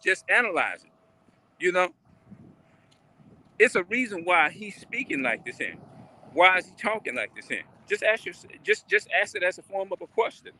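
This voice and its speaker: High, bright-voiced man rambling on a live stream. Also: husky. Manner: repetitive, rambling, asks listeners questions. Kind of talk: casual live-stream talk. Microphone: phone or webcam on a live stream.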